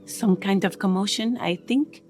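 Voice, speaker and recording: A woman's voice: mid-range voice, unhurried, a little mellow, soft background music, natural voice. A woman voicing a plain-spoken, wary local woman in a game. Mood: matter-of-fact.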